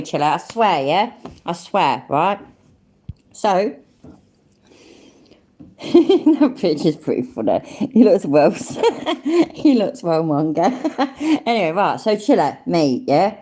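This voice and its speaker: A woman's voice: on the low side, very animated, takes it slowly, dark tone. A woman giving mocking reaction commentary over a stream, sarcastic and taunting, swearing freely.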